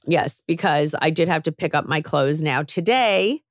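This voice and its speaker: A deep-voiced woman hosts a podcast, telling a story in casual chat at normal speed and animatedly acting out the voices of people she quotes. The audio is studio quality with no room sound.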